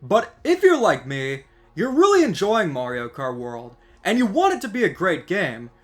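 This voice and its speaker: A man rants in a scripted gaming commentary, his voice sitting high and leaping around with lively swings of pitch. He sounds exasperated and lays on the sarcasm. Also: moderate pace. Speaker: gaming video creator.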